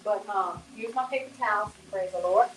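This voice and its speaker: A woman's voice: mid-range voice, normal speed, a little hiss or hum, low-quality recording. A woman hosting a casual home cooking demonstration, talking to viewers in a chatty, folksy way. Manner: chatty and folksy, addresses viewers as y'all and honey. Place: home kitchen.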